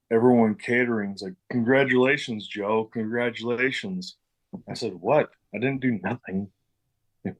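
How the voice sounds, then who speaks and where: In a casual interview, a middle-aged former pro wrestler tells stories loosely, cursing freely and acting out the dialogue he quotes. His voice is lowish, and the recording quality is low.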